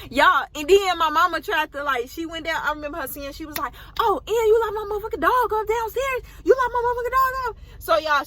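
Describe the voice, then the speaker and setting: An eighteen-year-old woman vlogger telling a casual storytime, animated and full of slang and swearing. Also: on the high side, a little hiss or hum.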